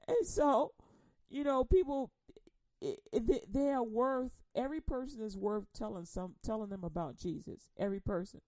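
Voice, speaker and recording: A woman preaching a humorous sermon, telling animated stories, laughing often and acting out quotes in casual slang. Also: fairly high pitch, normal speed, dry recording.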